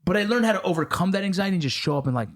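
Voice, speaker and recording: Fast-talking, profane male podcast host. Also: sits high. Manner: profane, animated storyteller. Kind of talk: casual conversation.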